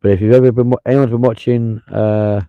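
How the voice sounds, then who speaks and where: A man's voice: mid-range voice, fairly even intonation, a little fast, clean tone, dry recording, narrow, tinny audio. A man hosting a live stream, giving blunt, profane, heated casual commentary.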